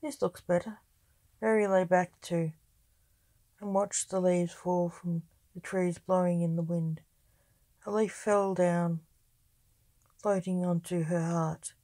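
A woman reading her own story aloud as narration, in a calm and even way. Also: lowish voice, slow, long pauses, no echo.

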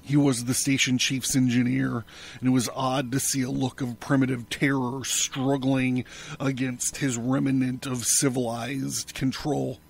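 A man, host of a podcast, narrating a novel in a measured, steady audiobook reading. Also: medium pitch, vocal fry, husky.

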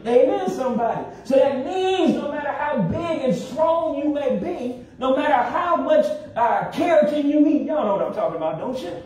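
A man preaching a sermon in a church, with call-and-response and drawn-out emphasis. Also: very high-pitched, animated, a little mellow. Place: church sanctuary. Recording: very echoey hall, distant mic.

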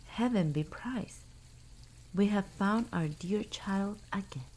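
A woman's voice: mid-range voice, slow, darkish tone, husky, low-quality recording. A woman voicing an earnest peasant father. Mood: relieved. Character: anxious, loving peasant father. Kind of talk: whispered role-play.

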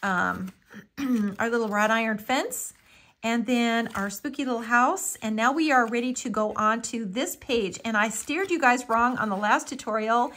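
A woman with a slightly high voice leads a live papercraft tutorial. She chats along easily as she works, filling pauses with ums and calling everything little and cute. She sounds middle-aged. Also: fairly bright tone. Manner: chatty and homey, fond of "little" and "so cute", with frequent ums. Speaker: craft tutorial host.

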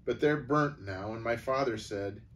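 An eager young boy prince who rambles and rushes his words, as a man reading aloud puts him on. The storybook voice sounds set back from the microphone. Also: mid-range voice, slight background noise, natural voice. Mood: flustered. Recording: voice from a distance.

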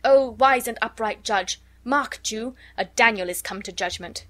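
A woman's voice: mid-range voice, steady tone, a little fast, a bit bright, natural voice. A woman reading the lines of a showy young man who copies his lord, in a storybook. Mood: emphatic.

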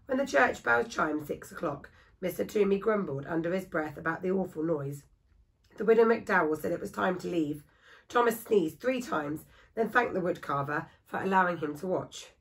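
Female reader, storybook read-aloud for children, steady and expressive. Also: lowish voice, normal speed, vocal fry, poor audio. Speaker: school staff reader.

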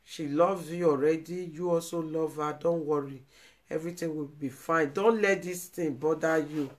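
A woman's voice: deep voice, fairly even intonation, normal speed. A Nigerian woman hosting a live video, speaking in an emotional, pleading way and repeating herself. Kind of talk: emotional live-stream commentary.

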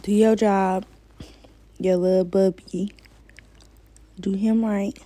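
A woman's voice: mid-range voice, level tone, takes it slowly, dark tone, low-quality recording. A woman giving casual, slangy commentary while playing a game and talking to her viewers. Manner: slangy, chatty, talks to viewers. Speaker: gamer.

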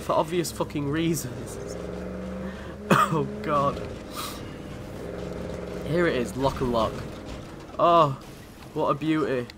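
A man's voice: medium pitch, takes it slowly, pauses often, background noise. A man from commentating on a video game in a chatty, sweary way, often laughing. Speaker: gaming channel host.

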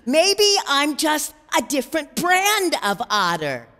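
A woman's voice: high-pitched, sing-song, takes it slowly, a bit bright, voice pushed up, full character voice. A woman voicing an earnest little duckling girl. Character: young misfit duckling girl, earnest and hopeful. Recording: long reverb, faint background music.

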